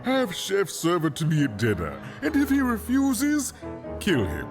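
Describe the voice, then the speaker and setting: A man's voice: sits high, wildly swooping pitch, a little slow, heavily acted. A man playing a flamboyant, decadent and cruel male duke in a video game, with a pompous, theatrical manner and bursts of laughter. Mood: decadent glee. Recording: game audio with music behind.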